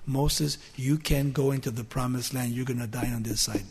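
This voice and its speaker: A male preacher voicing God as a calm, folksy deity who speaks plainly to Moses. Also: medium pitch, normal speed, slightly rough, in a large hall, voice pushed down. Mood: grave. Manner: conversational, folksy.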